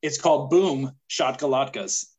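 A man's voice: slow, a little mellow, husky, rough recording. A man co-hosting a podcast, joking and rambling in casual chat. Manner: jokey, rambling, pitching mock ads. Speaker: podcast co-host.

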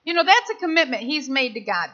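Woman, middle-aged, pastor, impassioned conversational sermon, high voice, slightly muffled recording. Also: very animated, fast talker, sharp tone. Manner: impassioned, conversational preaching with acted-out quotes.

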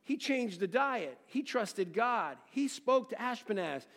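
This pastor is a high-voiced man delivering an expository sermon at a slow pace, his pitch swinging widely and lively. He fires rhetorical questions at the congregation and shifts dramatically from ringing exclamations to near-hushed lines. A long reverb surrounds him, as in a large hall.

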